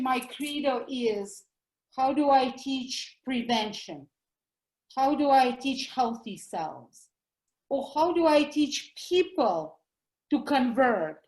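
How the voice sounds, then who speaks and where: A woman's voice: high-pitched, a little mellow, echoey room, low-quality recording. Eager middle-aged woman with a Russian accent. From former Soviet Union. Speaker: guest doctor. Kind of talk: interview over the line.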